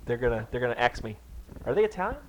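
A man's voice: medium pitch, big pitch swings, racing, darkish tone, a little hiss or hum. A man co-hosting a radio show, playful and given to laughing in casual banter. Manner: giggly, playful, bashful. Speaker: radio co-host. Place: radio studio.

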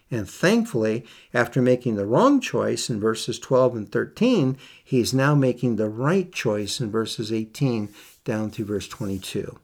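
A man's voice: mid-range voice, a little mellow. A man preaching a sermon, reading scripture aloud and repeating key phrases for emphasis. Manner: reads scripture in King James wording.

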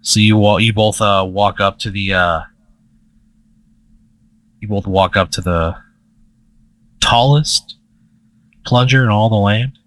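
A man improvising a comic story in the second person, building it up with deadpan escalation. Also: lowish voice, slow pace, pauses often, no echo.

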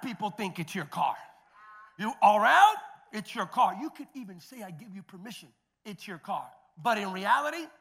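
A middle-aged male pastor delivers a sermon in a strikingly high, bright voice. He tells stories in a loose, conversational way, repeating himself and restarting, then climbs into loud, shouted declarations. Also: big pitch swings, moderate pace, slight background noise. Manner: swings from quiet storytelling to loud shouted preaching.

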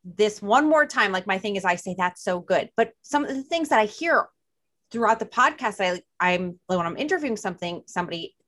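A woman's voice: medium pitch, expressive, brisk, a bit bright. Female podcast host, New Jersey accent, casual and rambling. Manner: chatty, lots of "like" and "you know". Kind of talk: casual chat.

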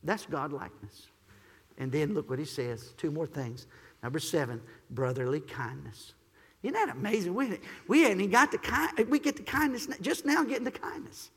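A man preaching a sermon as pastor, swinging from shouted praise to quiet, gentle teaching. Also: on the high side, expressive, moderate pace, slightly rough, big-room sound.

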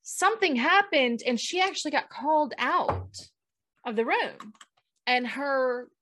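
A woman with a fairly high voice tells stories in an animated, blunt way, with some casual swearing. She is co-hosting a relaxed conversation. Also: measured pace. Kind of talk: casual chat, personal storytelling.

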